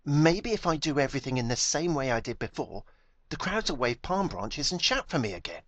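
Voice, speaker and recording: Figure: a small, proud, eager young male donkey, voiced by a man. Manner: earnest, boastful, touchy about his pride. Pitch: raised and lively. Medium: storybook reading in a dry room. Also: brisk, no room sound. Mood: hopeful.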